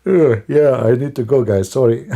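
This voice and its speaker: A man's voice: medium pitch, normal speed, creaky, warm tone, lo-fi sound. A man doing live-stream commentary in a mocking, sarcastic way, with non-native English grammar. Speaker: online religious commentator.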